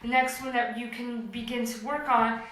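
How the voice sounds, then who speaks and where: A woman's voice: a little high, level tone, normal speed, fairly bright tone, a little hiss or hum. A woman in her forties leading an at-home workout class, upbeat, counting reps and cueing each move. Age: 40s. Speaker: fitness instructor. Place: home room. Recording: echoey room, mic at a distance.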